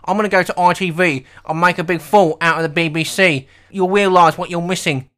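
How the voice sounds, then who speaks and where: A man's voice: steady tone, fairly quick, fairly bright tone. A man putting on a sacked radio host who whines and pleads, then shrieks in denial. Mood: whining. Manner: whining, pleading, turns to a shrill high tirade. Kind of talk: comedy sketch.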